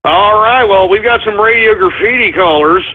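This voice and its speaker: A man hosting a comedic call-in radio show, theatrical and exasperated, with mock whining and shouting. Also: high voice, moderate pace, heavy background noise. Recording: tinny lo-fi broadcast.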